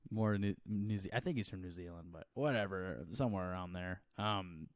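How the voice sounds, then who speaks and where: A man's voice: low voice, moderate pace, no room sound. A young man co-hosting a podcast in loose, rambling casual chat, laughing often and dropping into silly accents. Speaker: podcast co-host.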